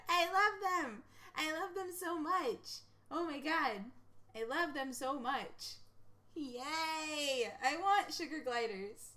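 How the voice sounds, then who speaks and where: A woman streamer talks through a casual reaction stream in a bright, slightly high voice. She is giggly and excitable, and she rambles from one thought to the next. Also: takes it slowly.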